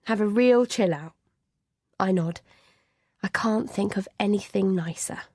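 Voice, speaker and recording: A woman reading a first-person suspense thriller audiobook in an even, measured voice, at times dropping to a whisper in tense dialogue. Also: mid-range voice, no room sound, studio quality. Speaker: audiobook narrator.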